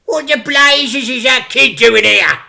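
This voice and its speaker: A man voicing a loud, bossy crooked goon in a children's story reading. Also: very high voice, slow, creaky, pitched above the performer's own voice, exaggerated voice. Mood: angry. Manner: yelling, harsh.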